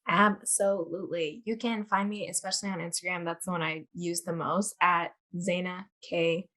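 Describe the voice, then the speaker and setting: A woman's voice: on the low side, fairly even intonation, normal speed, sharp tone. A woman guesting on a theatre podcast, talking in a cheerful, upbeat way. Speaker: guest, actor. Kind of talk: casual interview chat.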